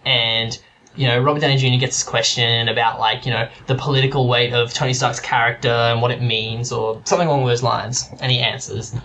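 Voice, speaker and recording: A man's voice: mid-range voice, flat delivery, a little fast, sharp tone. Guy rambling on about movies, um and uh everywhere, bit of hiss behind. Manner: chatty, rambling, many fillers and restarts. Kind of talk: casual chat.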